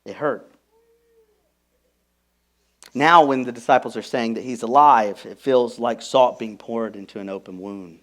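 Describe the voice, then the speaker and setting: A man preaching a sermon as pastor, emphatic, moving from hushed, intimate lines to loud, stressed ones. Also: medium pitch, fairly even intonation, normal speed, hardly any pauses. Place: church.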